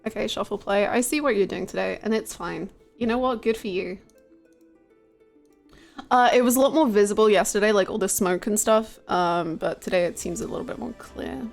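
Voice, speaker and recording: A woman's voice: mid-range voice, moderate pace, gravelly, soft background music. A woman streaming from home, chatting casually with her viewers, laughing often and greeting them by name in a playful, chaotic way.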